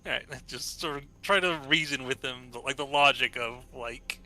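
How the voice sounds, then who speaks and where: A man's voice: mid-range voice, moderate pace, heavy background noise. A man playing in a tabletop game, talking in a hesitant, filler-heavy way. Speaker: player. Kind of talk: casual chat during a tabletop game.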